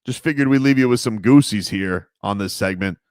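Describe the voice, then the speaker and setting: A man's voice: lowish voice, a little mellow, no echo, clean studio sound. A man co-hosting a sports radio show, bantering casually with jokey asides. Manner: jokey, riffing, quick asides.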